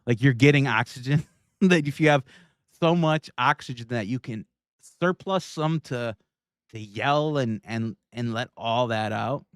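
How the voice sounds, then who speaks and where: A man's voice: medium pitch, measured pace, clear, resonant tone, dry recording, clean studio sound. A man hosting a livestream, reacting to video clips in casual, irreverent commentary and laughing often. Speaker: livestream host.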